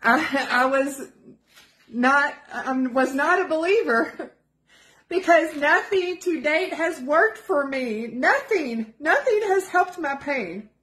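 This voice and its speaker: A woman's voice: high-pitched, expressive, slow pace, a bit bright. A woman giving an earnest, pleading personal testimonial, emotional and close to tears at times, repeating herself for emphasis. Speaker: product affiliate giving a testimonial.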